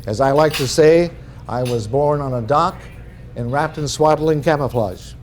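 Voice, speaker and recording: A man's voice: a little high, moderate pace, a little mellow, slight background noise. Folksy man telling a funny story. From northern Minnesota. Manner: folksy, humorous anecdotes. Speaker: author giving a talk. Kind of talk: storytelling presentation.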